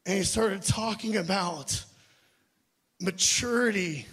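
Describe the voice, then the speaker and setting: A man's voice: high voice, slow, fairly bright tone, breathy edge. A young adult man preaching a sermon, telling a personal story earnestly and asking the audience questions. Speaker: pastor.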